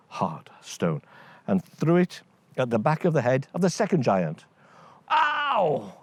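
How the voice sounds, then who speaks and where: A man tells a children's fairy tale at an unhurried pace. His pitch rises and falls a lot as he narrates. The sound is dry and close. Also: no echo. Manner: lively, voices each character. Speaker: storyteller. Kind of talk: scripted bedtime story narration.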